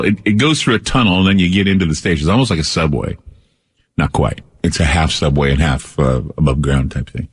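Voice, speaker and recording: A man's voice: sits low, slightly rough, in a large hall. A man hosting a radio talk show, telling a rambling personal story with many restarts.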